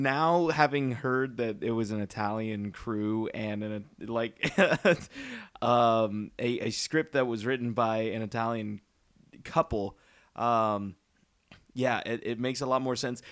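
A man in casual chat about a bad movie, laughing often and talking in a jokey, lively way. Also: mid-range voice, takes it slowly.

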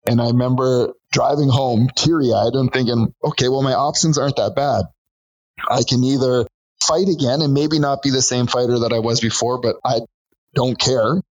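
A middle-aged man speaking as a podcast guest, his voice at an ordinary pitch. He tells his story earnestly and plainly, in a relaxed conversational flow. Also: low-quality recording. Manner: earnest, storytelling, acts out quotes of others. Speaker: podcast guest, boxing gym owner.

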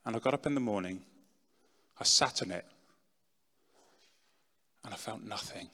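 A middle-aged man giving a dramatic personal testimony talk, swinging from loud, pushed lines to hushed ones. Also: fairly low pitch, moderate pace. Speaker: speaker telling his testimony. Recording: long reverb in a large hall.

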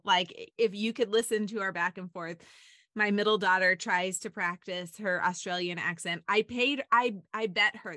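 A woman's voice: mid-range voice, bright, forceful tone, no room sound, clean studio sound. A middle-aged woman hosting a faith-based podcast, chatty and enthusiastic, rambling off on tangents. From United States. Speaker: podcast host.

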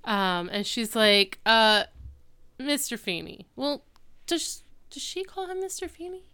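A woman's voice: high voice, sing-song, measured pace, pushed and bright. A woman co-hosting a podcast in casual chat, giggly and chiming in to build on the story. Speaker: podcast co-host.

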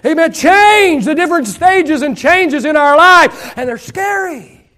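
High-voiced middle-aged pastor preaching. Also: male voice, animated. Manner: swings between loud shouted emphasis and soft, hushed asides; drawn-out, slowed phrases for emphasis. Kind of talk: sermon.

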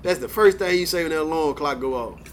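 Young male co-host, laid-back and profane, slightly high voice. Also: fast, slight background noise. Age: young adult. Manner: laid-back, swears freely, acts out groggy mornings. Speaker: podcast co-host. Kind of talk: casual chat.

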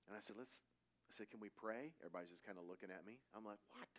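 A man's voice: on the low side, rapid-fire, fairly bright tone. A middle-aged man giving a conversational sermon, telling stories casually and acting out quoted voices. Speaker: preacher.

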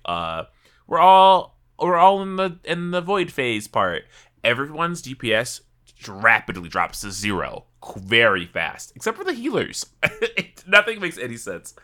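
Bright, lively man co-hosting a podcast. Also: medium pitch. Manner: animated and laughing while explaining. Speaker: podcast co-host. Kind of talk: casual gaming podcast chat.

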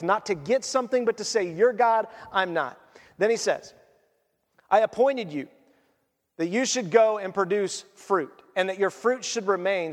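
High-voiced preaching man in echoing hall. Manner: earnest, conversational preaching with quoted asides. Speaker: pastor. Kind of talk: sermon.

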